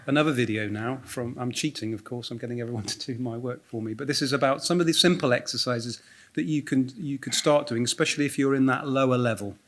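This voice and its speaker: A man's voice: mid-range voice, fast talker. Man presenting at a medical conference. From United Kingdom. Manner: hesitant, many fillers and restarts, light laughs. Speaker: doctor giving a conference talk. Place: conference hall.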